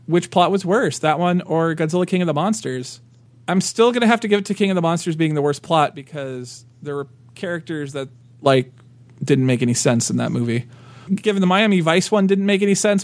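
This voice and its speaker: A man in his thirties in casual podcast chat, rambling and animated, full of restarts and fillers. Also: fairly high pitch, dry recording. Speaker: podcast co-host.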